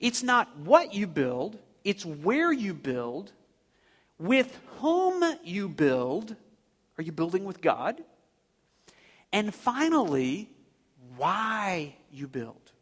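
A male pastor preaches with emphasis, repeating key phrases and asking rhetorical questions. His voice is high and swings widely in pitch. A long reverb trails his words, as in a big hall. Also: wildly swooping pitch, very slow, a bit bright. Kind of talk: sermon.

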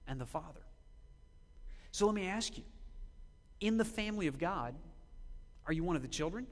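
A man preaching a sermon as a pastor, asking the congregation questions and slowing down to read scripture aloud. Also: high voice, big-room sound. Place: church sanctuary.

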